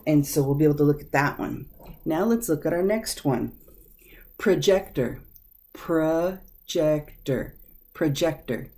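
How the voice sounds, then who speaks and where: A woman teaching a vocabulary lesson, sounding out words slowly and carefully. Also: sits low, dark tone. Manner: slow, careful over-enunciation of words.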